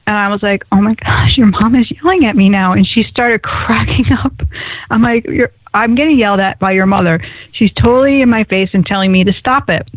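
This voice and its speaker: A woman's voice: medium pitch, fairly quick, no room sound. A woman hosting a radio call-in show, telling stories in a chatty way and laughing often. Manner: chatty storyteller, laughs often, animated asides. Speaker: radio show host and psychic medium. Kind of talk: casual radio call-in chat. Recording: tinny phone-like radio audio.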